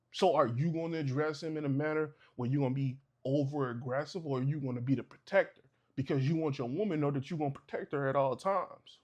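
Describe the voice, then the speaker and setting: A man's voice: fairly high pitch, darkish tone. A man, talking casually to camera and giving advice, sometimes acting out short exchanges. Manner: conversational, preachy, acts out little exchanges. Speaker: vlogger.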